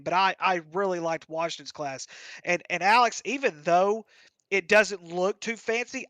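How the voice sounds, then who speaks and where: A man co-hosting a football show, talking over draft picks in casual chat, halting with fillers and restarts. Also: high-pitched, fairly bright tone, no echo.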